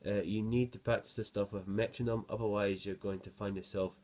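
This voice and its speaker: A man's voice: lowish voice, fairly even intonation, fairly quick. A man giving a guitar lesson, patiently explaining and counting beats aloud as he plays. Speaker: guitar teacher. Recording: loud guitar playing over the voice.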